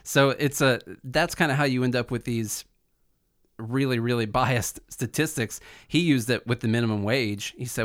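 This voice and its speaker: A man's voice: mid-range voice, normal speed. A man co-hosting a podcast, explaining his points in casual talk with many fillers. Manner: explanatory, filler-heavy, speeds up telling stories. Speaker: podcast co-host. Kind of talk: casual political podcast chat.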